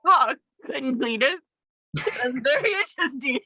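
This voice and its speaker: A woman's voice: sits high, animated, unhurried, bright, forceful tone, slightly rough. A woman playing a tabletop game, chatting in a playful, teasing way. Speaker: player.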